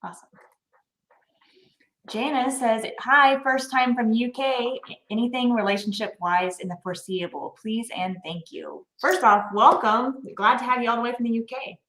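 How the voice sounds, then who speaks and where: A woman's voice: on the high side, steady tone, normal speed, fairly bright tone, roomy sound. A woman hosting a live stream, upbeat and giggly, reading out viewer questions. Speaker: host.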